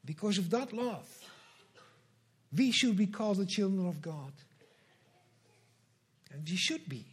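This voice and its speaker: High-voiced man preaching a sermon. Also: expressive, breathy edge. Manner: earnest, measured preaching with slow emphatic repetitions. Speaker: pastor.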